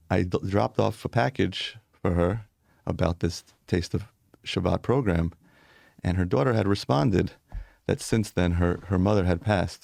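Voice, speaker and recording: A man's voice: sits low, creaky, mellow, dry recording, studio quality. A man, a rabbi, telling stories earnestly in a conversational interview, with light laughs.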